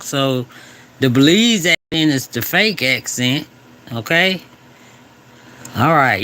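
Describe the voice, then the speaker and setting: A man's voice: a little high, sharp tone, clear, resonant tone. A man co-hosting a live commentary stream, talking in a laid-back, amused way. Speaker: co-host.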